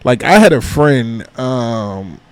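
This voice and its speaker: Philly comedian dude on a podcast, gets loud and excitable, swears a bunch, mid-pitched voice. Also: male voice, slow, no echo. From Philadelphia. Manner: animated, swears, fills with "you know what I mean". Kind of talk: casual chat.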